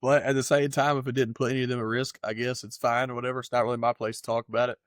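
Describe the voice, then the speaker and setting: A man's voice: medium pitch, flat delivery, racing, no room sound, clean studio sound. A man co-hosting a fight podcast in casual chat, loose and profane, rambling through his takes. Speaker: podcast co-host.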